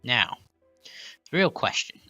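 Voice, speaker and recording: Slow, bright-voiced young man explaining. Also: no echo, lo-fi sound, faint music behind. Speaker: field reporter. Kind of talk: mock news segment, explaining math.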